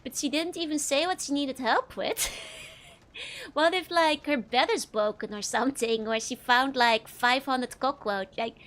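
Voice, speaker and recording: A woman's voice: sits high, measured pace, fairly bright tone. A woman streaming a game and chatting casually, giggling often as she comments. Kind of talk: casual let's-play commentary.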